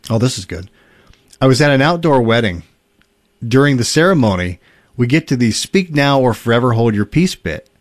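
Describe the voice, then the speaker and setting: Casual male host reading listener stories aloud, easygoing with chuckles, mid-pitched voice. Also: normal speed. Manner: relaxed storytelling with fillers and chuckles.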